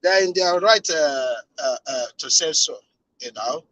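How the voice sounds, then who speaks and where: A man's voice: fairly high pitch, measured pace, no echo, rough recording. Man panelist with a sore throat. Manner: hesitant, heavy with ums, grows more forceful. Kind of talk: casual panel discussion.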